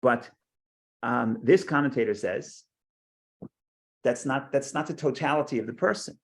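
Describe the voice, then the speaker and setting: A man's voice: medium pitch, measured pace, creaky. A man teaching a Torah class, lecturing with frequent restarts, repeated words and rhetorical questions.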